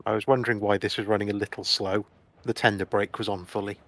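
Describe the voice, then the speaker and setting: Low, gravelly man, dry humour. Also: flat delivery, fast, no echo. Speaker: co-player on stream. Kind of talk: casual gaming chat.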